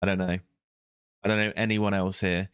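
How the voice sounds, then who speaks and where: A man's voice: deep voice, little pitch movement, moderate pace, a bit bright, smooth, no room sound. A young man hosting a reaction video, rambling casually with sarcastic, self-mocking asides. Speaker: YouTube reaction host.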